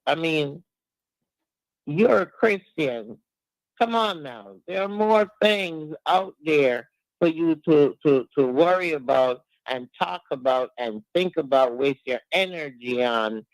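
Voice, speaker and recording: A man's voice: a little high, creaky, no room sound, low-quality recording. A man with a Jamaican accent, a former teacher, speaking on a radio panel in a reflective way, stumbling over repeated words. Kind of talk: casual panel discussion.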